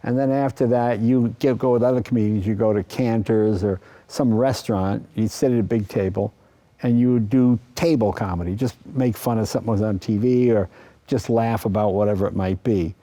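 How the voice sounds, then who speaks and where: A man's voice: fairly low pitch, a little fast. An older man from the East Coast, a guest in an interview, telling stories and acting out quoted voices. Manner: animated storyteller, acts out quoted voices. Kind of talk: anecdotal interview talk.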